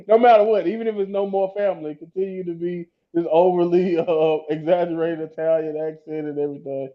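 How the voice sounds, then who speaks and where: A man co-hosting a podcast in casual chat, agreeable and often laughing, repeating words as he gets started. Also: high voice. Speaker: podcast co-host. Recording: slightly muffled lo-fi audio.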